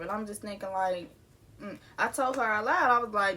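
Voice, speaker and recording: A woman's voice: on the high side, normal speed, sharp tone. A young woman, telling a personal storytime to her viewers in a casual, candid way, laughing now and then. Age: young adult. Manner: casual and candid, laughing through grief, addressing viewers as y'all. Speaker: vlogger. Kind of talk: storytime vlog.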